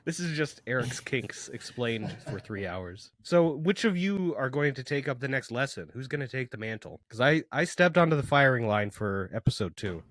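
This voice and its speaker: A man's voice: medium pitch, lively intonation, moderate pace, few pauses, a bit bright, no echo. A young man co-hosting a casual podcast in a playful, teasing way. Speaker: podcast co-host. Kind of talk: casual chat.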